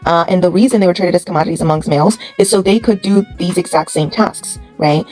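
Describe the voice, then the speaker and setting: Brief: a woman commentator who talks fast and lectures bluntly straight to camera, with soft music underneath. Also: fairly low pitch, rough recording. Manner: blunt, lecturing, full of rhetorical questions. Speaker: commentary channel host.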